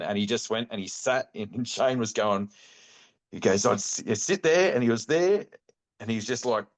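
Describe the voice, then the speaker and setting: A middle-aged Australian man tells a hunting yarn as a podcast guest, his voice sitting on the low side. He talks in easy, slangy runs and acts out what his mates said along the way. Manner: animated yarn-spinning, acts out quotes, laid-back slang. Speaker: podcast guest, bowhunting club chairman. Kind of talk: casual storytelling interview.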